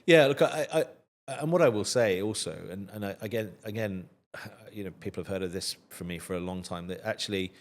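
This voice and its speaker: A man's voice: fairly low pitch, a little fast. A man in his fifties, an interview guest who speaks thoughtfully with frequent restarts and hesitations. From United Kingdom. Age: 50s. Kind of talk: casual interview chat.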